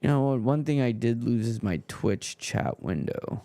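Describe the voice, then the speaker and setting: A man's voice: mid-range voice, animated, normal speed, warm tone, dry recording. A man streaming, casually muttering to himself as he fiddles with his stream settings. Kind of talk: casual livestream chatter.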